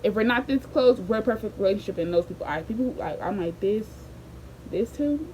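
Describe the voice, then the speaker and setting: A young woman casually telling a story for her vlog, slangy and animated, bursting into quoted voices and loud outbursts. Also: mid-range voice, fairly quick, slight background noise, rough recording.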